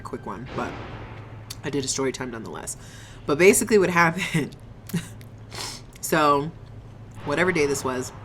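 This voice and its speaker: Animated low-voiced young woman vlogger. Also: slight background noise. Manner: animated, slangy and profane, laughs often. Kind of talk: casual storytime. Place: at home, eating on camera.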